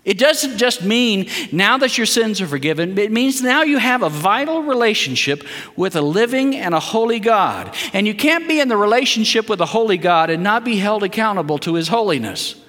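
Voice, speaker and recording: Animated preacher man in a reverberant hall. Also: sits high, normal speed, hardly any pauses. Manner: animated preaching, leads call-and-response statements. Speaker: guest preacher. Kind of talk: sermon.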